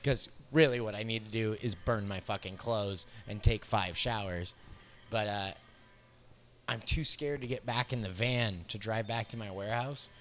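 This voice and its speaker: A man in his thirties with an American accent, a comedian telling a profane road story in an animated way, laughing often as he talks. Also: on the low side, normal speed. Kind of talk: storytelling interview. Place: bar.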